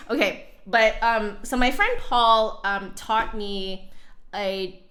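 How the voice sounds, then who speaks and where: A young musician who streams flute chats with her audience at a slow pace, her voice medium in pitch and a bit bright. She giggles frequently, reads chat aloud, and sounds slightly breathless.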